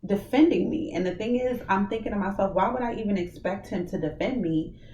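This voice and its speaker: Animated woman recounting a dream, echoey room. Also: medium pitch, fairly quick, distant mic, a little hiss or hum. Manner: animated storytelling, acts out her own dream dialogue. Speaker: ministry vlogger. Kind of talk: casual testimony and preaching.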